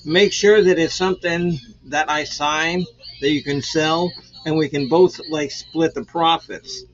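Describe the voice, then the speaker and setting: Slow-talking rambling man in his sixties. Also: on the high side, fairly even intonation. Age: 60s. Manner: rambling, jokey, full of fillers. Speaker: show host. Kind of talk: casual livestream chat. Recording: lo-fi sound with faint background music.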